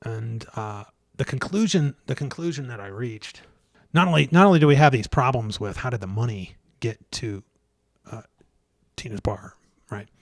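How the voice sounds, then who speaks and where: A man telling a story in a casual interview, stumbling over restarts and fillers and getting animated as he retells scenes. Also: mid-range voice, no echo, clean studio sound. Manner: halting, many restarts and fillers. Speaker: guest researcher.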